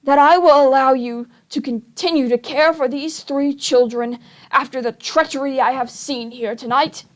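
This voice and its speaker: A woman voicing an exasperated, stiff male banker in a storybook reading, loud and formal. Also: high-pitched, moderate pace, hardly any pauses.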